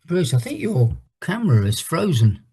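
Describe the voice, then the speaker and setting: A man's voice: a little high, sing-song, normal speed, warm tone, slightly rough. A middle-aged man who teaches fitness leads an online exercise class over a video call. He tells a long rambling story and breaks off to count down each exercise. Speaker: fitness instructor.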